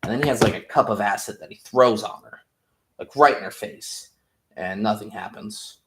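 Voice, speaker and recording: A man's voice: fairly low pitch, moderate pace, fairly bright tone. A man casually recapping a TV episode, rambling, jokey and profane. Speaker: podcast host. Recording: roomy echo.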